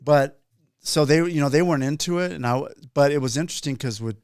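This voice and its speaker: A man's voice: fairly high pitch, brisk, a little mellow, smooth, dry recording, clean studio sound. A man hosting a casual podcast chat, rambling with many restarts and fillers. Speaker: podcast host.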